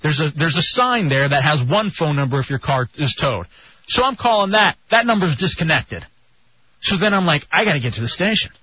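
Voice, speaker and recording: A man co-hosting a radio show, telling a story in a casual, animated way and jumping up in pitch when he gets indignant. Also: a little fast, breathy edge, no echo. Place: radio studio. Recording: dull lo-fi radio broadcast.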